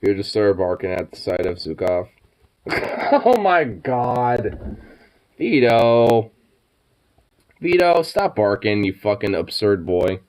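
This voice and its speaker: A man's voice: lowish voice, sing-song, takes it slowly, long pauses, darkish tone. A young man chatting late at night to his pets, stoned and sleepy, cooing baby talk, swearing, laughing often. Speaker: vlogger.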